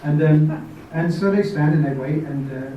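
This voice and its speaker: A man's voice: on the high side, moderate pace, muffled recording, a little hiss or hum. A middle-aged man chatting to an audience between songs, telling a funny story with chuckles along the way. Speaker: folk singer on stage. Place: small club venue in front of an audience. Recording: echoey live room recording from a distance, guitar in the mix.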